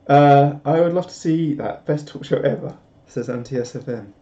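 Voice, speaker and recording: A man's voice: fairly high pitch, a little slow, long pauses, dark tone. A young man hosts a live stream, chatting casually and reading out viewer comments in a rambling, self-deprecating way. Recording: roomy, slightly dull home stream audio.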